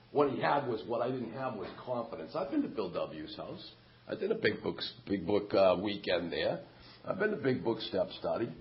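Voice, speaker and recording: A man's voice: fairly low pitch, lively intonation, normal speed, muffled recording. A middle-aged man telling his story at a recovery meeting, candid and self-mocking. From Massachusetts, USA. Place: meeting hall.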